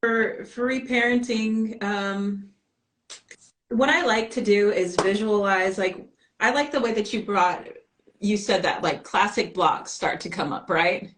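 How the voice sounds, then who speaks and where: A woman guest in a casual live-stream chat, speaking calmly and reflectively. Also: medium pitch, measured pace, slight background noise, low-quality recording.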